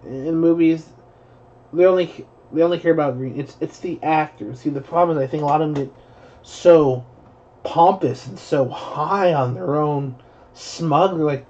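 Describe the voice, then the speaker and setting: Rambling, profane man with higher voice. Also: moderate pace, a little mellow. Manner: rambling, profane, frequent restarts. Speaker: live-stream commentator. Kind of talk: rambling live-stream commentary. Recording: dull lo-fi stream audio.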